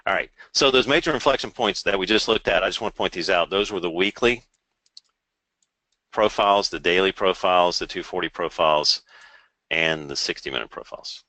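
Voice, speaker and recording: A man presenting a live trading webinar, explaining charts informally and turning to a sales pitch with dry sarcastic asides. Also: fairly quick, bright, forceful tone, no room sound, poor audio.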